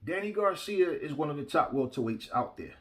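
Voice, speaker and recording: A man's voice: fairly high pitch, sing-song, a little fast, fairly bright tone. Blunt man talking boxing picks. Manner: blunt, emphatic, repeats himself, addresses viewers directly. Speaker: boxing commentator. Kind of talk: casual opinion talk to viewers.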